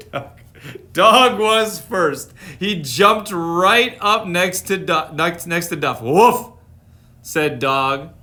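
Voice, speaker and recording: A man's voice: high-pitched, animated, extremely slow, pauses often, pushed and bright. A man reading a picture book aloud on a live stream, playful, with chatty asides to his viewers. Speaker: storytime reader.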